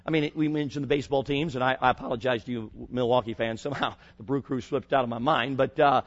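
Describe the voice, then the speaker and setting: A man preaching a sermon to teenagers, swinging from quiet asides to loud emphatic peaks and asking the crowd for answers. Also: medium pitch, steady tone, fast, lo-fi sound.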